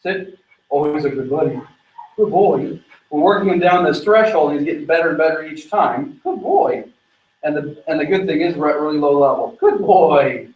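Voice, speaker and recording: A man working as a dog trainer, explaining his method while giving quick commands to a dog during an on-location training demonstration. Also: a little high, roomy sound, distant mic, highs cut off.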